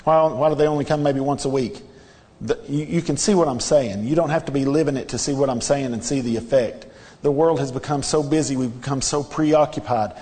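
A man's voice: medium pitch, a little fast, darkish tone, long reverb tail. A man preaching a sermon in a church, earnest and repetitive, pressing his listeners with rhetorical questions. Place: church sanctuary.

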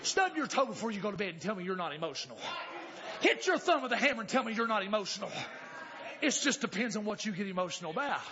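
A man preaching a sermon, swinging from calm, folksy talk to hollered exclamations. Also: sits high, fast talker, background noise. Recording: dull lo-fi church recording with faint congregation.

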